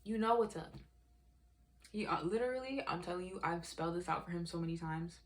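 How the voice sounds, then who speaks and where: Woman with a lowish voice, venting hard to camera, swearing and emphatic. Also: fairly even intonation, fairly quick. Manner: profane, heated and emphatic; exasperated storytelling. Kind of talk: emotional rant vlog.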